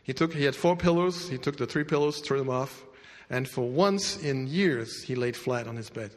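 A man preaching and retelling a story to his congregation, his voice sitting at an everyday middle pitch. He jumps from loud, lifted bursts down to low, hushed asides. The sound rings out with the long reverb of a big hall. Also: normal speed. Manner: animated storyteller, swings between loud bursts and quiet asides. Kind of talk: sermon storytelling.

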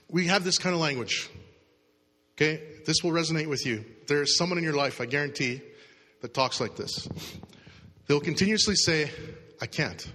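Bright-voiced man preaching in a reverberant hall. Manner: conversational, acts out inner voices with rising pitch. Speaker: pastor. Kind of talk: sermon. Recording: long reverb of a large hall.

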